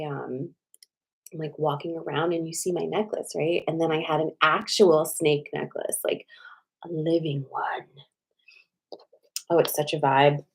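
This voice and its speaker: A woman's voice: low voice, darkish tone, poor audio. A woman in her forties hosting a casual livestream, chatty and rambling, reading cards to viewers and full of "like" fillers.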